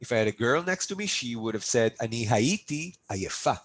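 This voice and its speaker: A man's voice: mid-range voice, expressive, rapid-fire, a bit bright, poor audio. A man teaching a live online language lesson, upbeat and coaxing his students to repeat drills after him over a video call. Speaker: Hebrew teacher.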